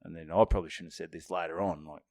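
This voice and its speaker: A man's voice: low voice, rapid-fire, no room sound, clean studio sound. A young Australian man co-hosting a podcast, telling stories in a casual chat and acting out the people in them. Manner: animated storytelling, acts out hecklers. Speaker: podcast co-host, comedian.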